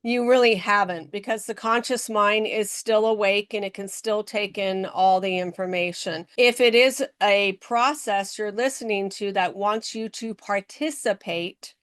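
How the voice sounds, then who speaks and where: A woman guest on a podcast interview, telling stories in an animated way and acting out the people she quotes, speaking from her office. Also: medium pitch, a little slow, hardly any pauses, smooth, no room sound, studio quality. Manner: animated storytelling, acts out quoted voices.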